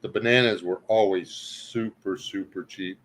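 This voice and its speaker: A man's voice: sits low, steady tone, measured pace, a bit bright, low-quality recording. A middle-aged man from Louisiana with a Southern accent, hosting a casual chat and telling rambling, folksy stories with frequent laughter. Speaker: host.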